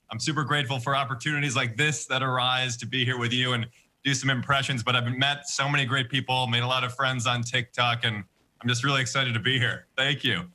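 A man in his twenties, a comedian guest on a TV interview, talking eagerly. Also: medium pitch. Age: 20s. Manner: energetic, eager.

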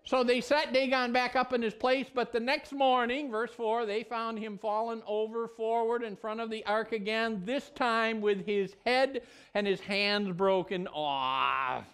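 A male pastor teaching a Bible lesson in a vlog, telling the story in an animated, conversational way. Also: very high-pitched, unhurried, smooth.

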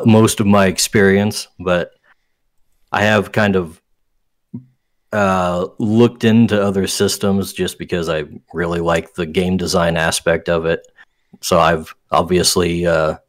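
A man speaking as a guest game designer in a casual interview, relaxed and offhand. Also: low-pitched.

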